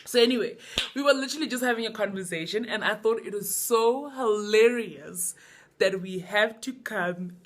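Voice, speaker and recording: A woman's voice: medium pitch, moderate pace, noisy background. A young South African woman hosting a casual vlog chat, bubbly and laughing often, jumping in over her guests. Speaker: vlog host.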